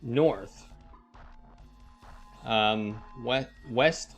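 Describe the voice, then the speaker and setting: A man's voice: fairly low pitch, expressive, unhurried, creaky, pauses often. A man streaming a live text adventure, thinking aloud, reading the game text and greeting his chat. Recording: faint music behind.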